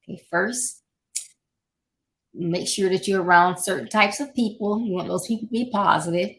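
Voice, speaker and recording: Gravelly-voiced woman giving life advice. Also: mid-range voice, moderate pace. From Florida, United States. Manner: warm, encouraging, repeats key points with little asides. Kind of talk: casual motivational talk.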